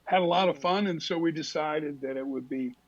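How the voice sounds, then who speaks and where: An older man telling lively anecdotes as a talk show guest, dropping into quick impressions of other people. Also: fairly high pitch, dull audio. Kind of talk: casual storytelling interview.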